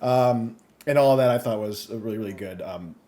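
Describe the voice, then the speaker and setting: A man co-hosting a casual video game podcast, talking fast and excitedly and swearing freely. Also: on the low side. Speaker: podcast co-host.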